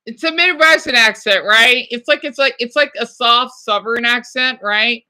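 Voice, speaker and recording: Chatty bright-voiced woman vlogger. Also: fairly high pitch, normal speed, hardly any pauses. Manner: chatty, talks to herself, frequent exclamations. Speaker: vlogger reacting to a news clip. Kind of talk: casual chat.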